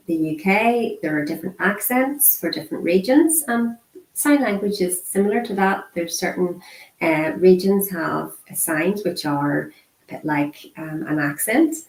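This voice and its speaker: A woman voicing a beginner's sign language lesson, speaking slowly and repeating single words with pauses between them. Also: fairly low pitch, darkish tone. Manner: frequent throat clearing and fillers. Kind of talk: interpreted beginner lesson, spoken aloud. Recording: roomy echo.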